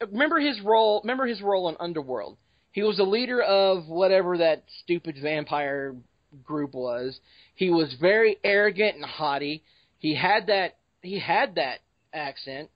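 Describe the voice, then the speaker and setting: A man's voice: high-pitched, lively intonation, normal speed, dry recording. Man hosting a chatty podcast, dull dry sound. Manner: rambling, loose, many fillers. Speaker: podcast host. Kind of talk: casual podcast chat.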